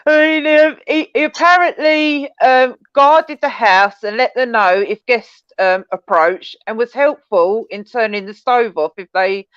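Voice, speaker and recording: A woman's voice: on the high side, measured pace, few pauses, fairly bright tone, clean tone, dry recording, highs cut off. A woman co-hosting a podcast in casual chat, laughing often as she tells the story. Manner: giggly, laughs often while telling the story. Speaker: podcast co-host.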